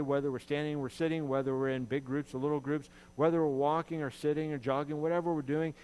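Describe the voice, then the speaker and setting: A man's voice: fairly high pitch, darkish tone, clear, resonant tone, poor audio. Earnest male pastor preaching a sermon. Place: church.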